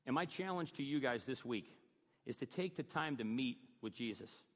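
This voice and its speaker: Male pastor, mid-pitched, emphatic sermon delivery, long hall reverb. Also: expressive, normal speed, fairly bright tone. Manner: emphatic preaching, rising on key phrases.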